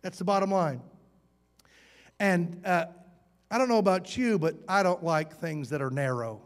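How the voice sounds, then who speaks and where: Pastor, high voice, folksy and playful sermon delivery, long hall reverb. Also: male voice, unhurried. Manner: folksy, playful, rhetorical questions to the congregation.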